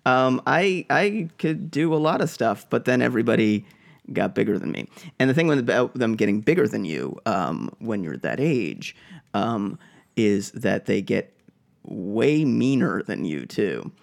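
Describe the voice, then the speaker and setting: Podcast co-host, man from Boston, gravelly voice, hesitant rambling storyteller. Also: mid-range voice, very animated, measured pace. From Boston, USA. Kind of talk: casual chat, rambling storytelling.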